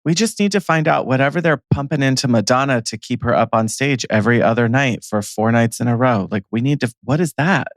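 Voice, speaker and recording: A man cohosting a relaxed podcast, joking and laughing easily as he riffs with his cohost. His voice sits at a middling pitch, and the sound is dry and close. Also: a little fast, hardly any pauses, dry recording. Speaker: podcast co-host. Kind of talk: casual chat.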